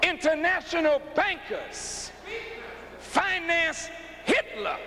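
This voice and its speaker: A man giving a fiery public speech, emphatic and often shouting, with deliberate phrasing. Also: extremely high pitch, animated. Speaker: public speaker. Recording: echoey hall with background noise.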